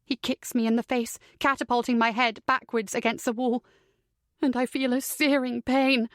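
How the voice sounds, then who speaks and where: A woman's voice: on the high side, level tone, normal speed, no room sound, clean studio sound. A woman narrating a first-person psychological thriller audiobook in a tense, dramatic way.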